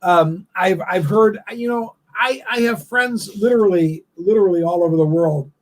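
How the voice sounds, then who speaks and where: A man hosting a casual live-stream chat show, rambling and emotional with many halting restarts. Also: sits high, low-quality recording. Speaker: host of a live online talk show.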